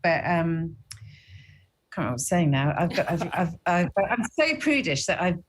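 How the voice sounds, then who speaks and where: British lady on a tv interview, laughs a lot, rambly and self-mocking, kinda low voice, faint noise behind. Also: sing-song, brisk. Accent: British English. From Britain. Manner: self-deprecating, laughs often, rambling restarts. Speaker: guest actress. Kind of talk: TV interview chat.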